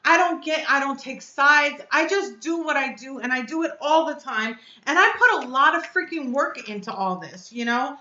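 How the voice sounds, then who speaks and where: A woman's voice: sits high, expressive, moderate pace, hardly any pauses, sharp tone, echoey room, highs cut off. A woman hosting her own live stream as a reviewer, upset and blunt, venting and cursing as she speaks to her chat. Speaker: vape reviewer and channel host.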